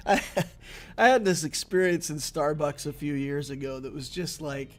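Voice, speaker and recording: A man's voice: fairly high pitch, unhurried, soft background music. A man streaming a mobile strategy game, chatting casually and laughing often as he tells stories between turns. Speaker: gaming streamer. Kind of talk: casual gameplay commentary and chat.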